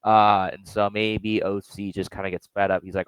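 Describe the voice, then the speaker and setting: A man talking wrestling with friends, blunt and opinionated, with a smooth, clear voice. The sound is dry and close, with no room around it. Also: low-pitched, little pitch movement, moderate pace, dry recording, poor audio. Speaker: podcast co-host. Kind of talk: casual wrestling review chat.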